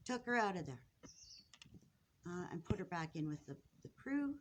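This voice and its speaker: A woman filming her pet finches indoors, talking casually and haltingly, upset and close to tears, often apologizing and restarting. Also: fairly low pitch, sing-song, noisy background. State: tearful, upset. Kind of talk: casual off-the-cuff narration to camera. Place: indoors at home near a birdcage.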